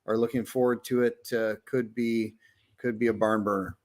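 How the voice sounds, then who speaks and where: A man hosting a wrestling talk show, speaking softly and with some hesitation. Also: medium pitch, little pitch movement, moderate pace. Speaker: show host and wrestling promotion executive. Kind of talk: podcast hosting. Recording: guitar music playing under the voice.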